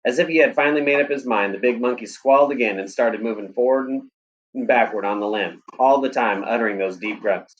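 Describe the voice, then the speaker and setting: A man, a teacher, reading a novel aloud in a steady, plain storytelling manner. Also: mid-range voice, brisk, lo-fi sound.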